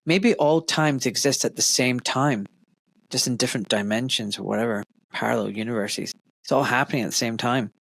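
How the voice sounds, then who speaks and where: A man's voice: medium pitch, fairly quick, creaky, a bit bright, no echo. A middle-aged man hosts a casual podcast chat with a mid-range voice, recorded very dry and close. He rambles enthusiastically and animates his stories with bursts of energy. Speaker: podcast host.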